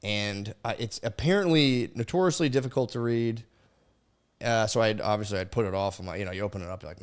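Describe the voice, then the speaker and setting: A man's voice: lowish voice, a little fast, clear, resonant tone. A man in his thirties hosting a casual solo podcast from home, rambling with lots of fillers and swearing as he tells stories into a studio microphone. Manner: rambling and profane, with frequent fillers. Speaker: podcast host.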